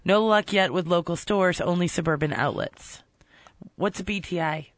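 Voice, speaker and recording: A man's voice: high-pitched, normal speed, fairly bright tone, no echo. A man co-hosting a radio show, chatting in an easygoing way. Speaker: radio co-host. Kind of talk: casual radio chat.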